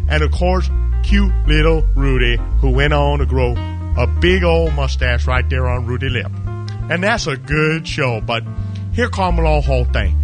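A man's voice: a little high, lightly acted. A man putting on a rambling jolly Santa. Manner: speaks of himself in third person, broken grammar. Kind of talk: comedy sketch bit.

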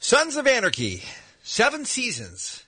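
A man's voice: extremely high pitch, wildly swooping pitch, unhurried, sharp tone, a little hiss or hum. A man hosting a morning radio show, teasing his co-host in a playful, casual banter style.

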